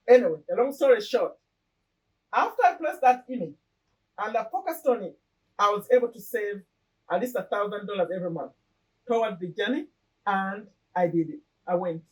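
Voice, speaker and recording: A middle-aged woman talking earnestly and reflectively to camera about her vision board, pausing and restarting as she goes. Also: on the high side, distant mic, low-quality recording. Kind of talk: casual personal talk to camera.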